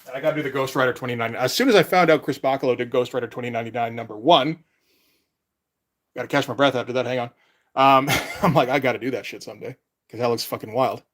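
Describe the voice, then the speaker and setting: A man chatting casually on a live stream as a comic artist, rambling and laid-back, with casual swearing. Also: medium pitch.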